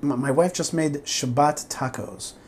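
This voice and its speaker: Chatty guy in an interview, kinda high voice, jumps up in pitch when he gets into it, lots of "like" and restarts. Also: measured pace, slight background noise. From born in Israel, raised in the US. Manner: animated, repeats words and restarts, emphatic swings in pitch. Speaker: guest. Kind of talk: casual conversational interview.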